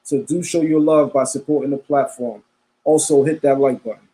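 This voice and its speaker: A man's voice: medium pitch, steady tone, normal speed, warm tone. A man hosting a live stream, talking casually, repeating himself and calling his viewers family. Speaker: livestream host.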